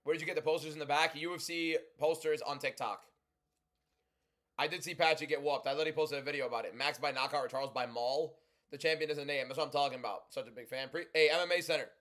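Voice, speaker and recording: A young man hosting a livestream, talking loudly and chatting casually as he reads and answers viewer comments. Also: a little high, fairly even intonation, fast talker. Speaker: livestream host.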